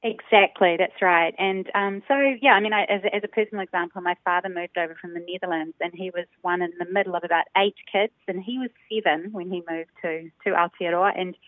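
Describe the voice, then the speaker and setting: A woman's voice: on the low side, fairly even intonation, no room sound. New woman on a phone line. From New Zealand. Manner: thoughtful, frequent ums, measured explaining. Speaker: linguist guest. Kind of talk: explanatory interview answers. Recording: dry, tinny phone line.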